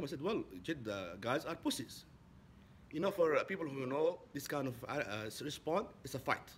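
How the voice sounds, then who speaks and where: A man from Saudi Arabia, a native Arabic speaker, telling a casual story in English; his voice jumps high when he gets excited. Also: a little hiss or hum. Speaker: vlogger.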